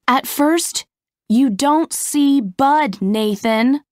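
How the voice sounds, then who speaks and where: An adult male film director, as a woman storyteller reads him, calls out orders in a raised, emphatic voice. The delivery is slow and deliberate, and it is recorded close and dry. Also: sits high, a little mellow, dry recording, pitched above the performer's own voice. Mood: directing. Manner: calls out instructions in a lifted, emphatic voice.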